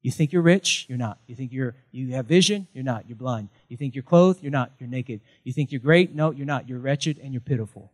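A man's voice: mid-range voice, fairly quick, hardly any pauses. A male pastor, preaching a sermon with emphatic, punchy repetition and light jokes.

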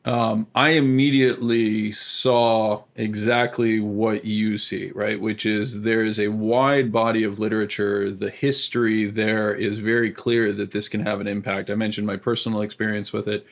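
A man hosting an interview, speaking in a measured, thoughtful and appreciative way over a video call. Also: lowish voice, flat delivery, vocal fry. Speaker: interviewer host. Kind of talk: interview talk.

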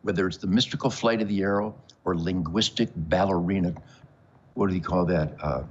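A man's voice: low-pitched, a little fast, slightly rough, lo-fi sound. An older man hosting a show, rambling to camera in a bombastic, boastful, joking manner. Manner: boastful, bombastic, jokey, with frequent laughs. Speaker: show host.

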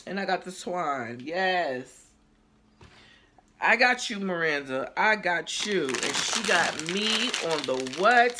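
Bright chatty woman vlogger. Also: lowish voice, animated, slow pace, a little hiss or hum. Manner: chatty and exclamatory, addresses viewers directly; chewing while talking at times. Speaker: haul vlogger. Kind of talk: casual haul vlog chat.

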